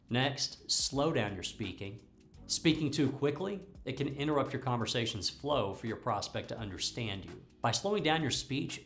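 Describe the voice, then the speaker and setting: A man's voice: medium pitch, fairly bright tone. A man teaching sales technique as a trainer, coaching and laying out tips point by point. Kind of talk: instructional talk on sales technique. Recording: faint background music.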